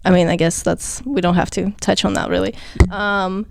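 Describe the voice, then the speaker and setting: A woman's voice: mid-range voice, level tone, moderate pace, creaky, background noise. A young woman with a slight non-native accent, explaining skincare casually as an interview guest, chatty and full of fillers. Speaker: esthetician guest.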